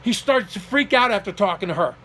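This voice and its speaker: A middle-aged man telling a personal story in an emotional monologue, getting agitated and acting out the people he quotes, at times close to shouting. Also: high voice, animated, fairly quick. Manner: agitated, acts out quoted dialogue, rising to near shouting.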